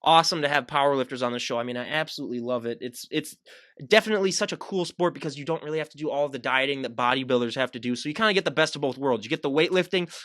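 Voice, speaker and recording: A man's voice: mid-range voice, very fast, fairly bright tone, no room sound, clean studio sound. A man hosting a podcast, chatting casually with his guest in a rambling way, full of fillers and restarts. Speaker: podcast host. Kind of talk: casual interview chat.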